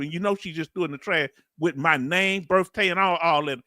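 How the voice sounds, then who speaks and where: Talking fast with few pauses, a middle-aged man from the US uses a high-pitched, sharp-toned voice as he reads comments on his casual stream. He's a YouTube host reacting to a hearing, joking around and calling his viewers family. The studio-quality sound has no echo.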